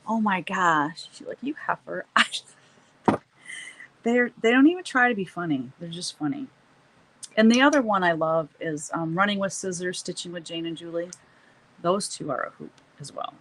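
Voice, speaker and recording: A woman's voice: fairly low pitch, animated, moderate pace, a bit bright, slight background noise, poor audio. Chatty laughing woman painting on stream. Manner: chatty, laughs often, trails off and restarts. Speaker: live-stream host. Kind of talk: casual chat while painting, reading live chat.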